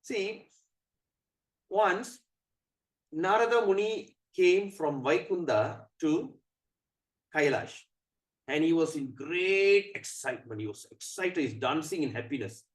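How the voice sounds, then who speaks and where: Animated male temple storyteller. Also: fairly high pitch, slow pace, long pauses, reverberant. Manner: animated, questions the audience. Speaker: temple speaker. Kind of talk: storytelling sermon.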